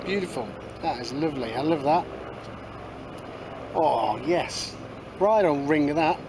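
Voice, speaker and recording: Metal detecting outdoors in a field, a man offers cheeky, casual running commentary in a voice that's a little high, animated and a little slow. He's chatty, tosses in cheeky asides and says "moving on" a lot, while outdoor noise sounds behind him.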